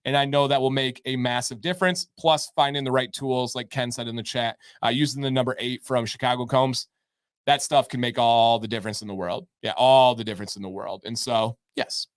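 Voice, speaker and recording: A man's voice: medium pitch, fairly even intonation, fairly quick, clean tone, no room sound, clean studio sound. A man hosting a live-stream advice show, answering chat questions in an upbeat, emphatic way and repeating his key points. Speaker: show host giving beard advice.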